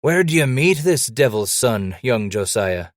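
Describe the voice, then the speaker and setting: A man voicing an old white-bearded mountain man who speaks in a loud, cheerful, folksy frontier drawl and quotes scripture. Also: sing-song, measured pace, no echo, studio quality. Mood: jovial. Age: older. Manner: booming folksy frontier drawl, Bible-quoting.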